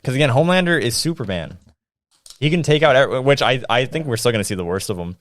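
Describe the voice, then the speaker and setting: A man co-hosting a casual podcast, animated and joking as he thinks aloud. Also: medium pitch, fast, no echo. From United States. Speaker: podcast co-host. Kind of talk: casual chat.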